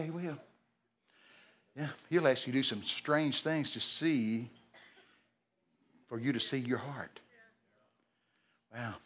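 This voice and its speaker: An older man preaching a sermon, telling folksy stories and shouting out the voices of people in them. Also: mid-range voice. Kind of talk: storytelling sermon. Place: large church hall.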